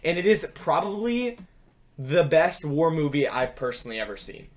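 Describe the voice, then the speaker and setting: A young man with a slightly high voice hosts a casual podcast chat. He talks in an animated way and often cuts in over his co-hosts. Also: normal speed. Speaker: podcast host.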